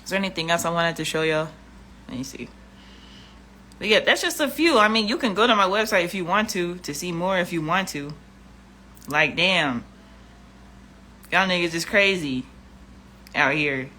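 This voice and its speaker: Woman vlogger, bright forceful tone, blunt and profane. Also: on the low side, expressive, normal speed, pauses often, a little hiss or hum. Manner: blunt and profane, exasperated, repeats herself. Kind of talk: casual livestream rant.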